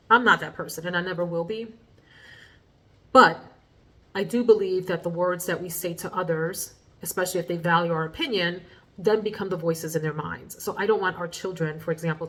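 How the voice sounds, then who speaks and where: A woman's voice: fairly low pitch, fairly bright tone. A woman in her thirties talking to her viewers in a casual, rambling and earnest way, calling them friends. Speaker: vlogger. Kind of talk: casual reflective talk to camera.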